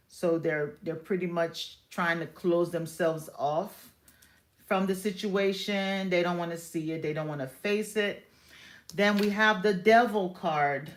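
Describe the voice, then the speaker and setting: A woman giving a live-stream tarot reading, explaining cards in an unhurried, reassuring way with many fillers. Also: lowish voice. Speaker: tarot reader.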